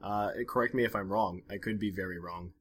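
A man's voice: low-pitched, steady tone, a little fast. Rambling, hesitant male podcast co-host. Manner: rambling, hesitant, lots of fillers and restarts. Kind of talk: casual podcast chat.

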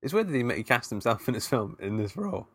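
A man's voice: mid-range voice, sing-song, quick pace, slightly rough, no room sound, clean studio sound. A man co-hosting a podcast, recapping a film plot casually with hesitations. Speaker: podcast co-host. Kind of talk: casual film review chat.

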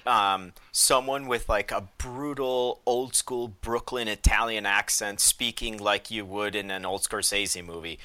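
A man's voice: lowish voice, fairly even intonation, unhurried, few pauses, sharp tone, smooth. A man in casual podcast chat, telling stories with animation and acting out the dialogue he quotes.

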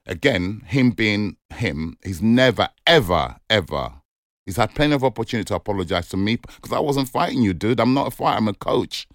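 A boxing coach speaking with a lisp in a documentary interview, emphatic and repeating words for weight. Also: male voice, on the low side, lively intonation, a little fast, hardly any pauses, no room sound, clean studio sound.

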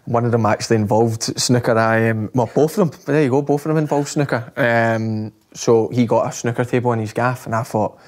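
A man telling a casual anecdote in an animated, laughing way. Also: mid-range voice, fairly quick, few pauses. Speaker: guest telling a story.

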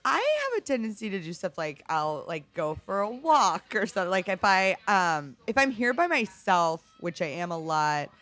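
A woman's voice: medium pitch, very animated, moderate pace, few pauses, fairly bright tone, faint music behind. A middle-aged woman bartender telling work stories in a casual interview, candid and profane, with lots of "like". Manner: candid, profane, heavy use of "like". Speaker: bartender guest.

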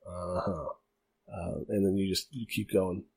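Low, husky game master. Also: male voice, level tone, unhurried, a little mellow, no echo. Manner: rambling with many fillers. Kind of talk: narrating a tabletop game.

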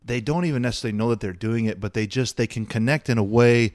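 A man's voice: mid-range voice, quick pace, a little mellow, no echo. A man co-hosting a podcast in casual chat, reflective, with frequent fillers. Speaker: podcast co-host.

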